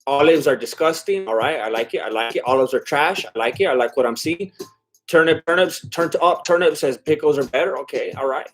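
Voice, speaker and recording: A man's voice: on the high side, animated, brisk. A man hosting a casual live watch-along stream, reading viewer comments aloud while eating, chatty and a bit scattered, laughing often. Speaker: livestream host.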